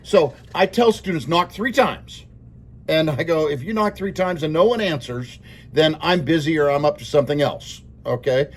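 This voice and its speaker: A man's voice: a little high, normal speed. A middle-aged man, a teacher, giving his class a rambling, informal talk, often chuckling and checking in with "okay?".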